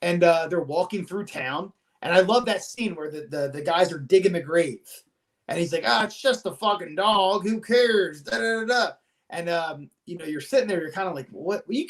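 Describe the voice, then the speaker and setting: A man hosting a podcast, retelling an episode in casual chat with an animated, profane, storytelling manner. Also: fairly high pitch, moderate pace. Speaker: podcast host.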